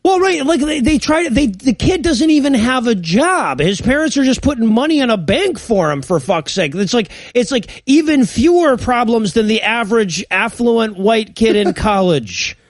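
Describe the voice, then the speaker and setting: A man's voice: very high-pitched, animated, moderate pace, hardly any pauses, no room sound, clean studio sound. A man co-hosting a podcast, riffing sarcastically on a bad movie with lots of swearing and laughter. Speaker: podcast co-host. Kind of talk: casual comedic movie riffing.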